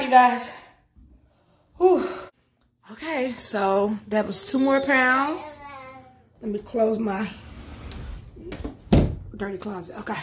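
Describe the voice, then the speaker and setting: A woman's voice: a little high, roomy sound, a little hiss or hum. A woman in her thirties chatting casually to her viewers in a vlog, tired from her workout and calling them "y'all". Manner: chatty, talks straight to viewers with lots of "y'all" and "you guys". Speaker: vlogger documenting a fitness journey. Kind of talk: casual vlog chat to camera.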